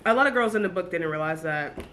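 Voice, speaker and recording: Bright-voiced, gushing woman reviewing a book. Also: fairly low pitch, fast, slight background noise. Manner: animated, gushing, lots of asides. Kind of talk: casual video book review.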